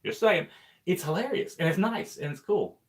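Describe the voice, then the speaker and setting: A man's voice: high voice, moderate pace. A man, a trucker co-hosting a casual livestream chat, joking and stumbling over his words. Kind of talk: casual live-stream chat.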